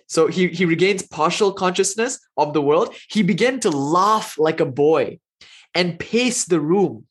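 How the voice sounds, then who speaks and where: A man with a husky, slightly high voice gives an online lecture. He reads passages slowly and with feeling, then drops into casual explanation. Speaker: teacher.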